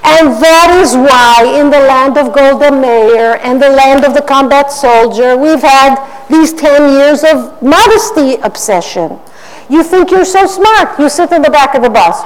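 Animated woman speaking in a hall. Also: high voice, a little slow, hardly any pauses, slight background noise. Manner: animated storytelling, mimics others. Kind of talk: public talk with Q&A. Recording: roomy hall, faint ambience.

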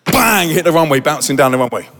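A high-pitched man tells a dramatic story on stage, lively and acting out every voice in the scene. His voice rings through a big hall with a long reverb. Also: fast, vocal fry. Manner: animated, acts out the scene with quoted voices. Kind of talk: dramatic storytelling to a live audience.

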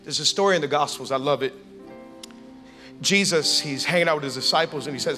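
A male pastor preaching a lively sermon, acting out everyday scenes and calling on the congregation to respond. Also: a little high, a little fast, faint music behind. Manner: animated, acts out everyday scenes and voices; calls for audience response.

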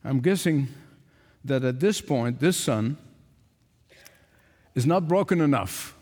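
Emphatic older male preacher, lively pitch. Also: takes it slowly. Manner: emphatic, repeats phrases for stress. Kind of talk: sermon. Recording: long hall reverb.

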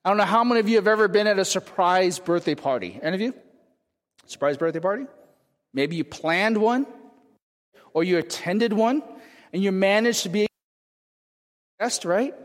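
A man's voice: high-pitched, lively intonation, moderate pace, long pauses. A man from California preaching a sermon in a conversational way, often checking in with the congregation with "right?". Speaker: pastor. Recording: long hall reverb.

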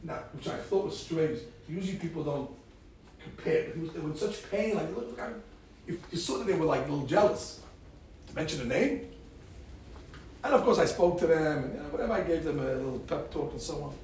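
A man's voice: fairly high pitch, expressive, brisk, darkish tone, heavy reverb, recorded from a distance, a little hiss or hum, low-quality recording. A man, a rabbi, telling stories in a talk to a group of girls and acting out the people he quotes.

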